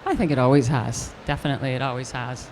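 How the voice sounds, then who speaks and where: An older woman, an actress, telling a lively anecdote in an interview, acting out the quotes as she goes. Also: a bass voice, fast, a little hiss or hum. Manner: animated storyteller acting out quotes with restarts. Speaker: actress guest.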